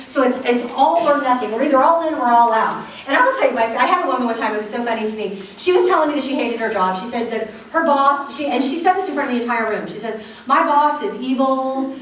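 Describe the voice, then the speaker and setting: Animated woman in an echoey hall. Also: fairly high pitch, quick pace, few pauses. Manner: animated storytelling with frequent laughs and acted-out quotes. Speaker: keynote speaker. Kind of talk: humorous motivational talk to a live audience. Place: large hall with a live audience. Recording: echoey hall, distant mic, audience noise.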